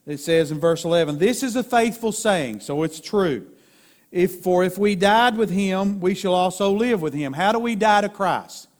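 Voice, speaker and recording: Preacher guy, high voice, folksy sermon, gets loud and emphatic. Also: normal speed. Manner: folksy preaching with stick-figure drawings, rising to emphatic peaks. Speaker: pastor.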